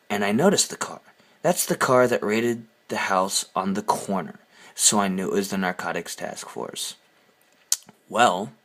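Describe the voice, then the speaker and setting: A man's voice: mid-range voice, a bit bright, husky. A man telling a story on his vlog in a heated, sarcastic rant full of swearing. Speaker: vlogger. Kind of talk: angry ranting storytelling.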